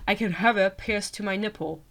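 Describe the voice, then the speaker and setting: A woman voicing a teasing male werewolf lover from a fantasy romance, reading his lines a little lower and softer than her own voice. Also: fairly quick, vocal fry.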